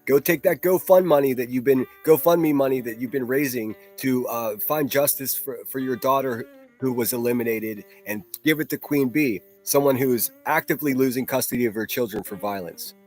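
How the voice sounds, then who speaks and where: A man's voice: medium pitch, moderate pace, a little mellow, faint music behind. A man hosting a solo livestream, ranting in a profane, mocking and combative way. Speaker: livestream host.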